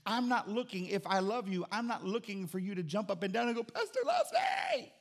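A middle-aged man preaching a sermon as pastor, conversational and joking, with an animated delivery. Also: high voice, fast talker.

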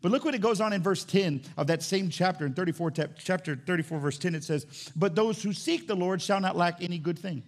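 A pastor preaching with a raised, gravelly voice, sitting high for a man. He moves from quiet reflection to soaring emphasis and voices imagined conversations along the way. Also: brisk, few pauses. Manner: preaching with rising intensity, acting out dialogue with God. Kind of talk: sermon.

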